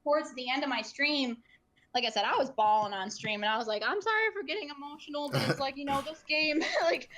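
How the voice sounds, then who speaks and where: A woman's voice: sits high, a little fast, fairly bright tone. A woman chatting on a gaming podcast, earnest and emotional, rambling with plenty of fillers. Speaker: podcast guest, streamer. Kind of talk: casual podcast chat.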